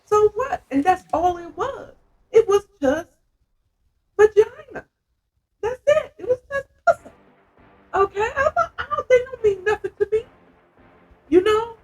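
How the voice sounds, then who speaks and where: A woman's voice: extremely high pitch, expressive, a little slow, pauses often, a little mellow, faint music behind, pitched above the performer's own voice. A woman voicing a brash, dismissive cheating boyfriend in a comic retelling of a book scene. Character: brash cheating man brushing off his girlfriend.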